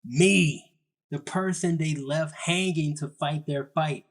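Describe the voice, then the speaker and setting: A man's voice: on the high side, fairly even intonation, a little slow. A young man narrating a comedy story in a casual, slangy, self-mocking way.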